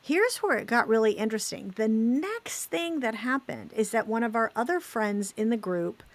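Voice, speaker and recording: A woman's voice: a little high, animated, normal speed. A middle-aged woman co-hosting a podcast, telling a story earnestly and relaying what a friend said. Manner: earnest, retells a friend's words with feeling. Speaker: podcast co-host. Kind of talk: conversational storytelling.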